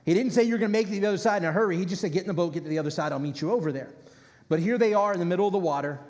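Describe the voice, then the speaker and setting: A man, a rabbi, preaching a casual, conversational sermon with animated bursts to his congregation. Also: sits high, rapid-fire. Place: congregation hall. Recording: reverberant hall.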